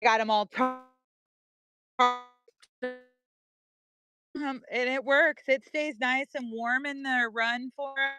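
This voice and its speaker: A woman's voice: sits high, steady tone, unhurried, sharp tone, smooth, no room sound. A middle-aged woman giving a casual walk-and-talk vlog tour of her backyard, chatting to her pets and animals. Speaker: vlogger.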